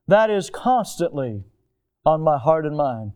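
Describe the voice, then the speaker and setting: A middle-aged pastor with a Southern accent preaching earnestly, moving between emphatic peaks and hushed low passages, with folksy storytelling asides. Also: male voice, sing-song, slow, clean tone. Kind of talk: sermon.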